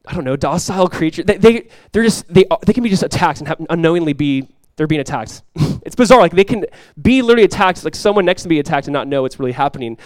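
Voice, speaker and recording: Guy pastor preaching fast, kinda high voice, lots of "like" and "you guys", dry close mic. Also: no echo. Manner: animated storytelling, drops quiet and slow for emphasis; conversational, many fillers like "like" and "you guys". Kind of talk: sermon.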